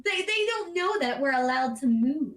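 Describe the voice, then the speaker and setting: A woman's voice: high voice, animated, normal speed. A woman guest in a casual video call chat, telling a story with giggles and acted-out reactions. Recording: roomy echo.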